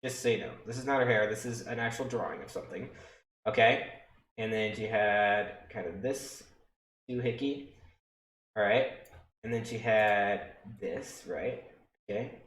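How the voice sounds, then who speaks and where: A man's voice: lowish voice, a little slow, long pauses, a bit bright. Young male streamer, rambling, echoey room. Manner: rambling and profane, checks in with "okay?" and "right?". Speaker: EMS worker telling stories on stream. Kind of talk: casual storytelling on a livestream.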